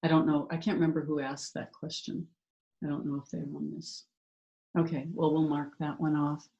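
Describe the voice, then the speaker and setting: A woman teaching a hypnotherapy class in an easy, chatty way. She talks fast, with many fillers and self-corrections, over a video call. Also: deep voice, little pitch movement, gravelly, mellow, muffled recording. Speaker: hypnotherapy instructor. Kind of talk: casual online class talk.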